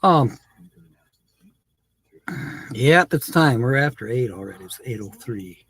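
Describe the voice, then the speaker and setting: A man's voice: mid-range voice, expressive, takes it slowly, fairly bright tone, breathy edge. A man hosting a live stream, chatting casually with viewers, laughing often and reading comments aloud.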